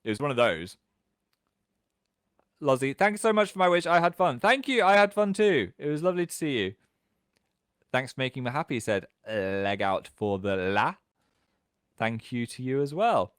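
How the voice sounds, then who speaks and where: A British man in his thirties hosting a casual livestream from home, chatting and reading out viewer comments in an animated way. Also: no echo, studio quality. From England. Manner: chatty, animated, quick jumps in pitch. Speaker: livestream host.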